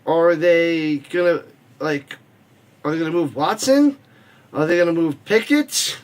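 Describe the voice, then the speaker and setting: A man hosting a live football watch party, mixing casual rambling chat and joking with quick play-by-play calls and reading viewer comments. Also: on the high side.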